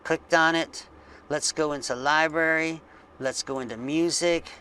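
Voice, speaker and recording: A man hosting a coding tutorial, thinking aloud slowly with frequent ums as he works on screen. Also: on the high side, steady tone, pushed and bright, a little hiss or hum. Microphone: desk mic with face cam.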